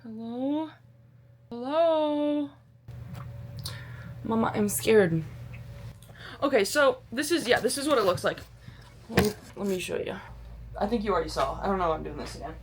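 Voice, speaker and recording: Quick-paced and medium-pitched, this woman's voice comes with a little hiss or hum. Her chatty vlog is loose and rambling, and she's bubbly, pokes fun at herself, swears freely, and leans heavily on slang.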